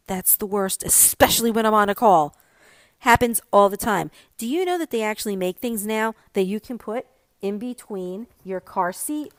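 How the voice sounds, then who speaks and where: A woman's voice: mid-range voice, no room sound. A middle-aged woman hosting a podcast, chatting casually and animatedly about her pet peeves. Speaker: podcast host. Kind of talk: casual solo podcast chat.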